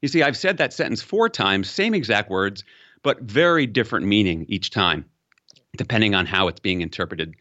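A man's voice: animated, normal speed, pushed and bright, muffled recording. A man being interviewed as a communication expert, explaining with examples and lifting his voice for emphasis. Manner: explanatory, uses examples, rises in pitch for emphasis. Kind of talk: interview conversation.

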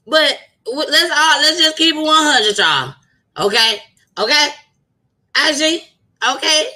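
Bright-voiced slangy woman host. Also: high voice, low-quality recording. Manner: animated, preachy, slangy. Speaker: podcast host. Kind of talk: casual commentary to a live chat.

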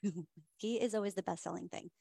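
A woman's voice: lowish voice, fairly quick, gravelly, darkish tone, breathy edge, no echo. A woman hosting a whiskey tasting, telling the story in a chatty, enthusiastic way with many fillers. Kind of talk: casual storytelling presentation.

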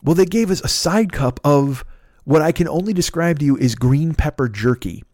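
A man's voice: fairly high pitch, lively intonation, normal speed, a little mellow, dry recording, clean studio sound. A middle-aged man, telling a profane, ranting story on a podcast and breaking into impressions of his friends. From Chicago area, USA. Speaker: podcast host. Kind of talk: casual storytelling.

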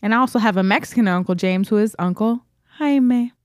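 A woman's voice: mid-range voice, brisk, no echo. A woman on a casual podcast who talks bluntly and keeps steering the chat back on track. Her voice is mid-range, and the sound is dry and close. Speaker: podcast co-host.

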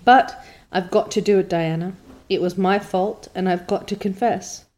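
A woman's voice: mid-range voice, steady tone, normal speed, darkish tone, close to an everyday voice. A woman voicing an eager, dramatic orphan girl in an audiobook, breathless and imploring. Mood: pleading. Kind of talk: audiobook character voice.

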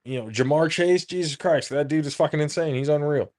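A man's voice: fairly high pitch, brisk, a little mellow. A man co-hosting a podcast, chatting casually about football in an emphatic, profane way and laughing often. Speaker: podcast co-host. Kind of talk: casual sports chat.

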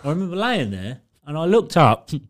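Very animated and brisk, this man with a fairly high voice co-hosts a podcast. He laughs through a meandering, profanity-laced story in casual conversation.

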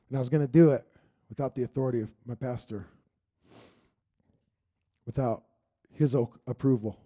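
A man's voice: mid-range voice, moderate pace, long pauses, warm tone. A man giving an earnest, rambling church testimony that drifts into spoken prayer, repeating "Lord God.".

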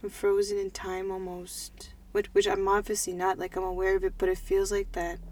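A woman's voice: medium pitch, monotone, moderate pace, a little hiss or hum. Twenties woman, casual podcast co-host, thinks aloud, plenty of "like". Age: 20s. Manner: chatty, lots of "like", thinks out loud.

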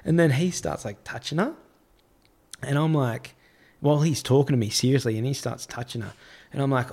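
A man's voice: mid-range voice, fairly quick, pauses often, a little mellow. A man telling a long anecdote in casual chat, rambling with many fillers and laughing as he goes. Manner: rambling, filler-heavy, laughs through his story. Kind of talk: casual storytelling.

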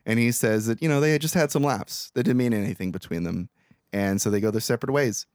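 A man's voice: mid-range voice, fast, a little mellow, clear, resonant tone, no echo, studio quality. A man co-hosting a podcast, casually recapping a movie plot in a rambling, profane way and acting out the characters' lines. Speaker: podcast co-host.

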